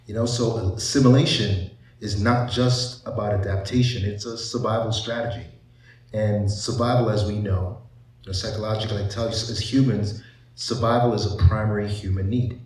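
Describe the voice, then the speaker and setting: Male psychiatrist panelist with a lowish voice. Chatty, rhetorical, recorded from a distance. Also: a little mellow. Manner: conversational, asks rhetorical questions, frequent "you know". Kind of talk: panel presentation to a live audience. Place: large echoey event room. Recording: echoey hall, voice off-mic.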